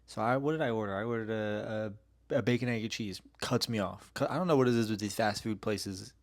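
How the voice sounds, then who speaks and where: A man rambles through stories on his solo podcast in a lowish voice. He talks in loose, slangy runs full of swearing and filler. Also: a little fast. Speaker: podcast host. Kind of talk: casual solo podcast rant.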